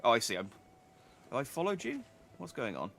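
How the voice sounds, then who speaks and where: A man's voice: mid-range voice, wildly swooping pitch, brisk, creaky, fairly bright tone, soft background music. A man streaming a game, making casual, self-mocking asides as he plays. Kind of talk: casual gameplay commentary.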